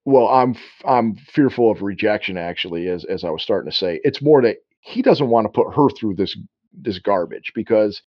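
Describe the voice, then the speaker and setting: A man co-hosting a relaxed film chat in a dry room with no echo. His talk rambles and restarts, and he keeps slipping into quoted dialogue. The sound is a little dull and lo-fi. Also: lowish voice, moderate pace, husky. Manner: rambling, self-interrupting, acts out quotes. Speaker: podcast co-host. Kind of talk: casual film discussion.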